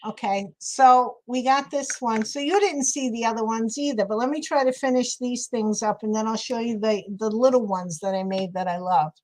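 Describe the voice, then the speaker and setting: A woman's voice: fairly high pitch, moderate pace, few pauses, rough recording. A woman with a New York City accent hosting a live craft stream, chatting and thinking aloud as she works. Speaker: craft livestream host. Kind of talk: casual live crafting chat.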